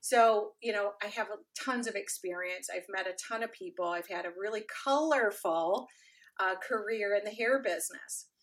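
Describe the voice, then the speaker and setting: A middle-aged woman telling her career story as a podcast guest, animated, acting out dialogue with lots of fillers. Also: medium pitch, moderate pace. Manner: animated, acts out quoted dialogue, frequent fillers. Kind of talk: casual interview storytelling.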